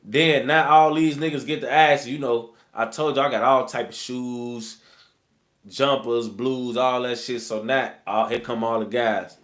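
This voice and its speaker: A man's voice: medium pitch, steady tone, unhurried, a bit bright. A man, telling his own story in rambling, slang-heavy street talk full of fillers. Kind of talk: casual storytelling.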